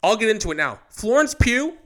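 A man's voice: high voice, fairly quick. A young adult man co-hosting a podcast, chatting casually and gushing with enthusiasm. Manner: excitable, enthusiastic fan. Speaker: podcast co-host. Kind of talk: casual chat.

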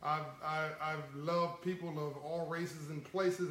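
A man with a high voice talks to his livestream viewers in a casual, folksy way. He chuckles often and stays animated. The sound bounces around an echoey room. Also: a little slow, hardly any pauses. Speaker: livestream host.

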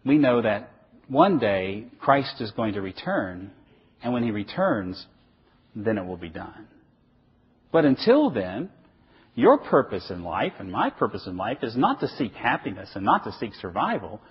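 In a lowish, unhurried voice with a breathy edge, a middle-aged preacher lectures emphatically and with animation, raising questions only to answer them. The recording sounds dull and lo-fi.

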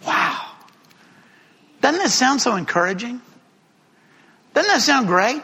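A man's voice: extremely high pitch, expressive, slow pace, long pauses, bright, forceful tone. A man teaching a Bible class in a conversational way, throwing rhetorical questions at the class. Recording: reverberant room recording.

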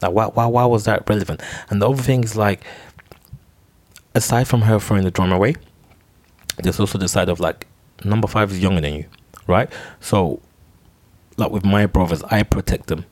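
Low-voiced rambling man. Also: normal speed, long pauses, a little mellow, dry recording. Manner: rambling, repeats words, swears freely. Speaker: podcast host. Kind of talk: solo podcast storytelling.

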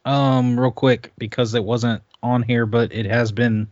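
A man's voice: mid-range voice, flat delivery, measured pace, a little mellow, no echo. A man co-hosting a casual gaming podcast, giving short replies and news updates. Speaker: podcast co-host. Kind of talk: casual chat. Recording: dull dry studio sound.

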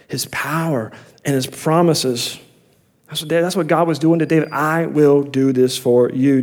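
A man pastor preaching a sermon, swinging between fervent rising appeals and quiet conversational asides. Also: fairly high pitch. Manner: impassioned preaching, rising and falling in intensity.

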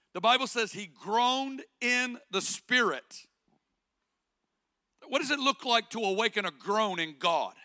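A man delivers an impassioned sermon in a high, bright voice. He builds his points through repetition and rhetorical questions. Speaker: preacher.

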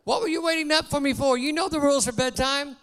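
A man voicing an angry, overworked father in a sermon story, scolding and shouting at his son. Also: high-pitched, very animated, normal speed, creaky, in a large hall, exaggerated voice.

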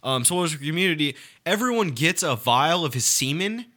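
A man's voice: on the high side, animated, fairly quick, pushed and bright. A young man co-hosting a casual podcast, telling rambling, profane stories and laughing through them. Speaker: podcast co-host.

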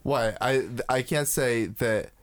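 Speaking slowly in a mid-range voice with no echo, this young podcast co-host chats casually. His talk wanders, full of restarts, fillers and free swearing.

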